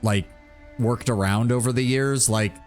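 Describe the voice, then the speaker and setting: A man's voice: medium pitch, steady tone, unhurried. A man giving casual, rambling commentary while playing a game and thinking aloud. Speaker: streamer. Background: game music.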